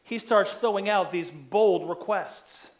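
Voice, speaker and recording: A man's voice: high-pitched, takes it slowly. A man preaching a sermon in an earnest way, often repeating words as he presses a point.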